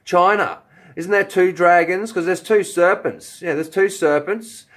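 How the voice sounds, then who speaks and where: A man's voice: sits high, measured pace. A man rambling through a vlog monologue, swearing often and firing rhetorical questions at himself. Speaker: video blogger.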